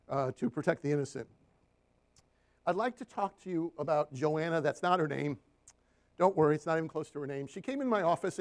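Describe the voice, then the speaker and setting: A man preaching a sermon, telling stories from his counseling work and asking the congregation for amens. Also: a little high. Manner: animated storytelling with call-and-response amens.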